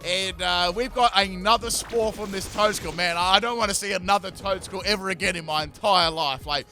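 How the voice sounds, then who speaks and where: Narrating his own battles for his gaming channel, a young man keeps up casual, joking commentary full of self-mocking asides. He speaks at a moderate pace in a high voice that sounds pushed and bright.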